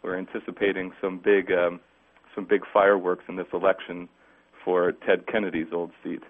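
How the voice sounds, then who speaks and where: A man, a guest on a political talk radio show, speaking haltingly with many restarts and fillers. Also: low voice, level tone. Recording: phone-like narrow band radio sound.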